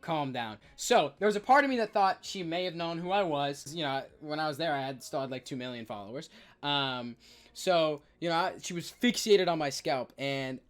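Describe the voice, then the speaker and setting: A young man, a streamer, telling stories in casual chat, excitable and stammering, loudly acting out what people said. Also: on the high side, normal speed, soft background music.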